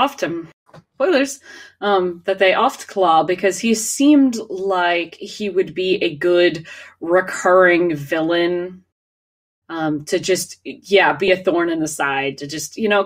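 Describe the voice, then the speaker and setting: Woman podcast co-host, casual and chatty, lowish voice, lots of ums and laughs. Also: measured pace, recorded from a distance. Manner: chatty, laughs often, many fillers and restarts. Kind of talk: casual chat.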